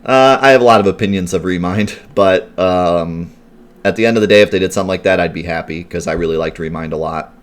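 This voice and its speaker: A let's play streamer talks in a low-pitched, fast voice while playing a video game live. He's chatty and rambling as he answers viewers' questions, filling his live gameplay commentary with lots of "like" and "um".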